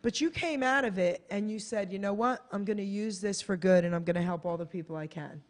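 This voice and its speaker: A woman's voice: mid-range voice, fairly quick. An American woman, a guest author on a radio talk show, chatting casually and acting out quotes as she tells a story. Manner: animated, acts out quotes in a bright voice. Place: radio studio.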